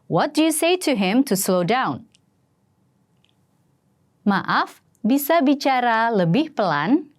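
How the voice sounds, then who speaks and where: A woman teaching a language lesson, reading phrases and translations in a slow, careful way for learners to repeat. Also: high-pitched. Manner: slow, careful model pronunciation with repetitions.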